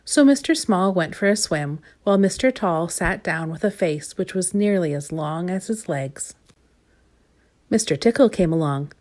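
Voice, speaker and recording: A woman reading a children's storybook aloud, gentle and expressive, lingering on repeated words. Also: fairly low pitch, moderate pace.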